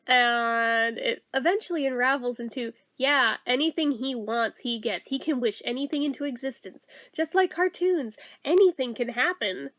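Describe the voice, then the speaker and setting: A woman giving a casual movie review, excitable, swearing freely and laughing often. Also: sits high, normal speed, few pauses, no room sound.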